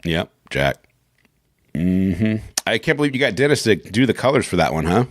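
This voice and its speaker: A man with a very low voice that swings widely in pitch, recorded close and dry. He talks in a casual, animated way, laughing often and swearing freely. He is reading comic voiceovers and chatting. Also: normal speed, no room sound. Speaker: voiceover reader and podcast co-host. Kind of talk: casual chat and recording session.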